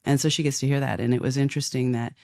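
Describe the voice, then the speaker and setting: An older woman talking as a guest in an interview, animated and given to restarting her sentences. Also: a bass voice, rapid-fire, vocal fry, dry recording, studio quality. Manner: animated, acts out quoted dialogue, frequent restarts. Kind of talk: conversational interview.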